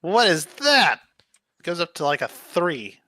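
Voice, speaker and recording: A man with a slightly high voice chats casually during a game session, joking and punning as he goes. His voice is recorded up close and dry, with no room sound around it. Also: huge pitch swings, measured pace, pushed and bright, dry recording. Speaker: game player and co-host. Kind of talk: casual gameplay chat.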